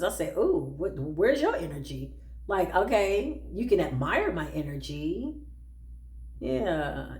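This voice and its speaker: A woman's voice: on the low side, darkish tone. Slangy woman reading tarot cards, talks right to the viewers, kinda echoey room. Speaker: spiritual tarot reader. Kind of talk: animated spiritual storytelling.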